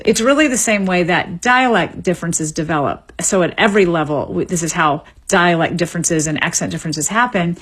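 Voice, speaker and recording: Woman linguist explaining calmly. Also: on the low side, husky. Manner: measured, explanatory, with small restarts. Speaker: linguist guest. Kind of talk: radio interview, explaining.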